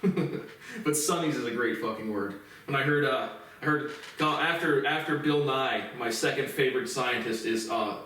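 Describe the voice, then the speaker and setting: A man's voice: medium pitch, fairly bright tone. A man giving a casual spoken television review, rambling with many restarts and fillers and some swearing. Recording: echoey room, mic at a distance.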